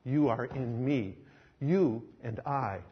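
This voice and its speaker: A man voicing a calm, commanding Jesus, speaking low, hushed and solemn, in a sermon story. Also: slow, breathy edge, highs cut off. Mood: tender, solemn.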